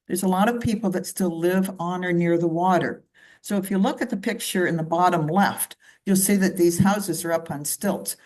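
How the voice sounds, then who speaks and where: A Canadian woman with a lowish, darkish voice gives a slide presentation at a club meeting, speaking steadily at a moderate pace. She guides listeners through her slides conversationally, adding asides and side remarks.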